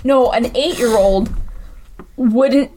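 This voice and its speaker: A woman's voice: a little high, takes it slowly, a little hiss or hum. A young woman hosting a casual comedic podcast, recapping a bad movie with sarcasm and plenty of swearing. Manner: animated, sarcastic, swears freely, acts out characters.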